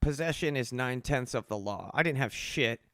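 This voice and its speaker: A man's voice: medium pitch, moderate pace, a bit bright, dry recording. A man candidly telling his own addiction story in a casual, emphatic, profane way.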